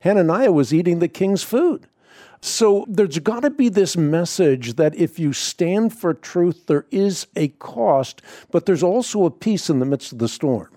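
Radio host, male, warm mellow voice, tells stories with heartfelt emphasis. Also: high-pitched, lively intonation, unhurried, no echo, studio quality. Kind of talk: radio talk show.

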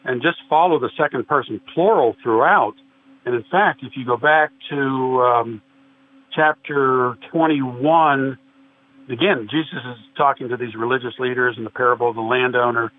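A man with a mid-range voice at normal speed is a guest in a religious discussion, earnestly explaining and quoting scripture at length. He comes through a tinny, phone-like line with faint hiss.

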